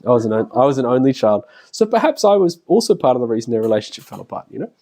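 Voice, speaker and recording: A middle-aged man talks his way through a lecture like a casual chat. His pitch rises and falls a great deal, and he keeps slipping into little voices of his family. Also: sing-song, rapid-fire, mellow. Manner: chatty, laughs often, acts out voices of family members. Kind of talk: casual spoken lecture with anecdotes. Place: classroom.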